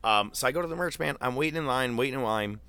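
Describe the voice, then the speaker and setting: A man telling a long story in casual podcast chat, loose and animated, with swearing and filler words. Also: medium pitch, fast talker, smooth.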